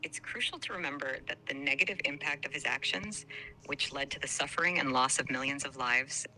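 A calm AI chatbot co-host, voiced by a man, speaking in an even, formal, lecturing way. The voice is very bright and crisp. It never loses its composure. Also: mid-range voice, fairly quick, rough recording. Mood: measured.

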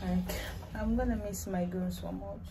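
A young woman talks to her camera from a moving car, her voice emotional and halting, laughing through tears. She speaks slowly at a medium pitch, and clear road noise hums under her. It is casual family vlog chatter. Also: steady tone. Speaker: family vlogger. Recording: noisy car recording.

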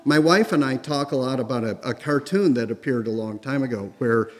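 A man's voice: medium pitch, fairly quick. A man giving a public history lecture, telling the story conversationally with occasional fillers. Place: lecture room. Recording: long reverb of a lecture room.

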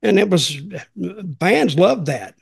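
Give me an older man with a gravelly voice, chatting in a folksy, rambling way. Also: high voice, big pitch swings, takes it slowly. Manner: rambling, folksy, repeats himself. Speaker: podcast host. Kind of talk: casual storytelling chat.

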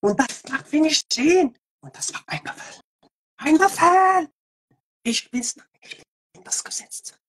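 A man's voice: very high voice, expressive, moderate pace, fairly bright tone, husky, pitched above the performer's own voice, heavily acted. A man putting on a stern German man who barks commands and claims to be the law. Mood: barking. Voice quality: harsh, commanding. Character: stern barking German man giving orders.

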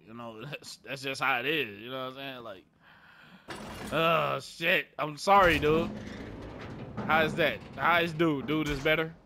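A man's voice: on the high side, measured pace, background noise. A young man giving laid-back, chatty gameplay commentary, swearing often and talking to his viewers. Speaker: gaming streamer.

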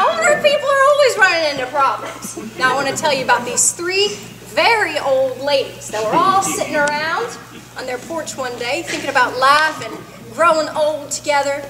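A young woman doing Minnie Pearl, folksy comedienne. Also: high voice. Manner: folksy, drawn-out delivery telling corny jokes. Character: folksy chatty Southern country comedienne, older woman. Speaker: comedy performer at a church variety show. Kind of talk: stage comedy monologue. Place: church fellowship hall on stage. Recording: echoey hall with audience noise. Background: audience chatter and room noise.

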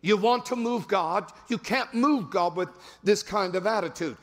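A male pastor preaching a sermon, repeating phrases and breaking into sudden shouts for emphasis. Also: high-pitched, normal speed, hardly any pauses. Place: large church sanctuary. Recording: long hall reverb.

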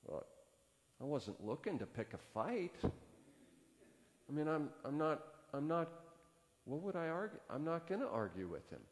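A male pastor telling a story from the pulpit in an unhurried way, his pitch swinging widely as he acts out the dialogue. The sound carries a long church reverb. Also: big pitch swings. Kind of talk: sermon storytelling. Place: church sanctuary.

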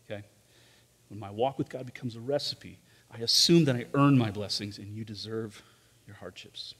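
At a church service in a large room, a pastor preaches a sermon in a medium-pitched, fairly bright, husky voice. He talks conversationally, posing rhetorical questions and often turning aside to the congregation, with the long reverb of a big hall.

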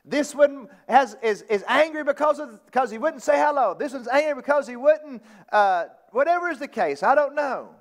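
A man's voice: very high voice, animated, normal speed, few pauses. A man preaching a sermon as pastor, reading scripture aloud and driving points home with emphatic repetition and sudden raised outbursts. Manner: reads scripture in King James wording. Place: church sanctuary.

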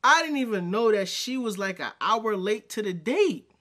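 A man reacting to a video in casual commentary, his pitch swinging widely as he gets worked up. His tone is bright and forceful, full of slang, and he argues straight back at the screen. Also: animated, normal speed. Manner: exasperated, slangy, talks back at the clip.

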